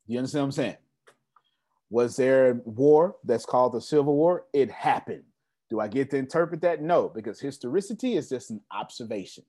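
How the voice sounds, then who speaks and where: A business coach speaks to a live audience in a meeting room. His delivery is emphatic and repetitive, full of rhetorical questions thrown at the crowd. His pitch jumps around a lot, sitting at an ordinary middle height for a man. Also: darkish tone. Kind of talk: live seminar talk.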